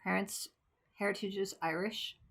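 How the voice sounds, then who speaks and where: Husky, gravelly-voiced chatty woman. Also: medium pitch, fairly even intonation, moderate pace, fairly bright tone. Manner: rambling, chatty, searching aloud. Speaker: craft vlogger. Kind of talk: casual chat.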